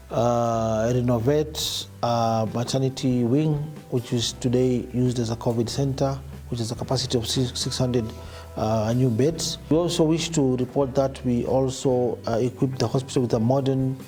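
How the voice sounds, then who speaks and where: A man's voice: medium pitch, fairly even intonation, moderate pace, warm tone, soft background music. A man, a county health official, reporting on hospital projects with many fillers. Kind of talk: spoken report to camera.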